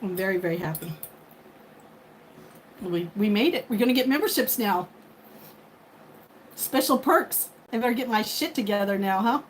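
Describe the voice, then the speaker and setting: Hosting a casual livestream, a woman in her fifties chats with viewers and thanks them by name, speaking at normal speed in an expressive, medium-pitched voice and pausing often. The rough recording carries faint background noise.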